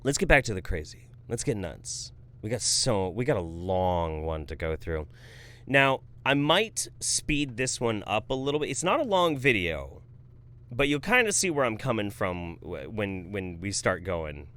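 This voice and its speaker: A man in his thirties hosting a live stream, reading viewer donations in a relaxed, profane, jokey way. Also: lowish voice, measured pace. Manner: laid-back, swears freely, laughs often. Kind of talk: casual live-stream commentary.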